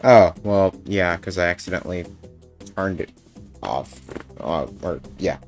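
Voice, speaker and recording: Tired, slow-talking gaming streamer man. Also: low voice, soft background music. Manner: joking, playful, jumps between mumbling and loud. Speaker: streamer playing a game. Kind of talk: casual live-stream chat.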